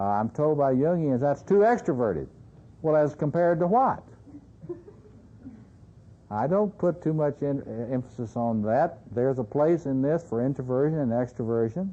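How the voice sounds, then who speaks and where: Mellow-voiced male lecturer on old tape. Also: mid-range voice, muffled recording. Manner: conversational, keeps checking in with "you see". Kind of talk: seminar lecture.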